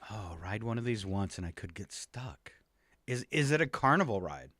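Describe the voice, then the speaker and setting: A man's voice: on the low side, expressive, a bit bright, dry recording. A man co-hosting a morning radio show, bantering and teasing through a trivia game from a studio microphone. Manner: joking, teasing, quick to laugh.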